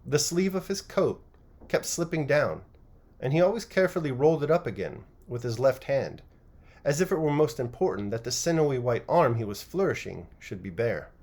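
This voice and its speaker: A man narrating a classic novel chapter by chapter as an audiobook reader, with an expressive, varied reading. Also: medium pitch, moderate pace.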